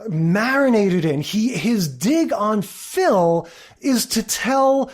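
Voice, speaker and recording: A woman talking casually as a podcast co-host. She laughs easily and acts out the lines she quotes. Her voice sits at an ordinary middle pitch. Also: sing-song, takes it slowly, a little mellow. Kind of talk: casual chat.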